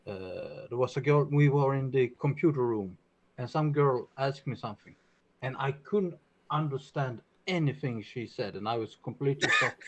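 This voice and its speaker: A man from Sweden telling stories on a casual podcast, pausing often with filler sounds. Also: mid-range voice, animated, muffled recording. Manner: hesitant storyteller with many uhs.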